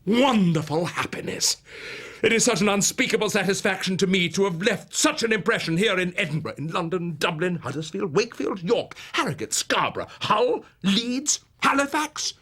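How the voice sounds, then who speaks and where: A man's voice: high-pitched, very animated, normal speed, fairly bright tone, husky. A man narrating a one-man theatrical story, swinging from dramatic whispers to rising exclamations. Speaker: narrator and performer.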